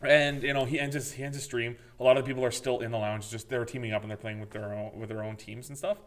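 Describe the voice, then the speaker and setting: A man co-hosting a podcast, casually chatting about games and telling animated stories, swearing freely and acting out his own reactions. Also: mid-range voice, quick pace. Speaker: podcast co-host. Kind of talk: casual gaming chat.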